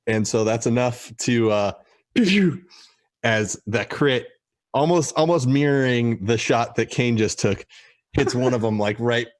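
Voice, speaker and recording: A man narrating a tabletop role-playing game as game master, relaxed and often pausing on fillers. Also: mid-range voice. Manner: relaxed, hesitant with many fillers.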